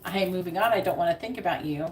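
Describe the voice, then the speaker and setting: A woman's voice: on the low side, rapid-fire, darkish tone. A woman doing a live-streamed psychic reading, repeating her questions again and again and breaking off for casual asides. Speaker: psychic reader. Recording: echoey room with background noise.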